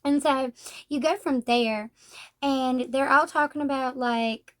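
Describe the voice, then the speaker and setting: Woman, high voice, casual book review, blunt and sarcastic, acts out quotes. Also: slow. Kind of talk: casual manga review chat.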